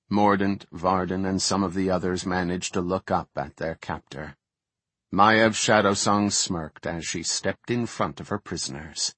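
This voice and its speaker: Slow husky male fantasy narrator. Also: sits low, fairly even intonation, a bit bright, no echo. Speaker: audiobook narrator.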